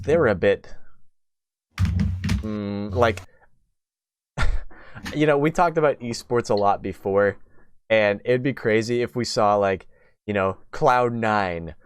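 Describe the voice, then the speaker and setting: Rambling young man with a smooth low voice. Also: slow pace, pauses often, dry recording. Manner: rambling, many fillers and restarts. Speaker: podcast host. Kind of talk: casual podcast chat.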